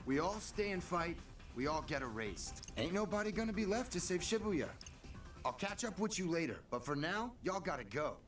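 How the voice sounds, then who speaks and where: An actor playing a brash, tough young street punk who talks slangy and cocky, heard in game audio from a distance over music. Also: male voice, on the high side, very animated, normal speed, a bit bright. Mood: urgent. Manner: slangy, cocky, says yo and y'all.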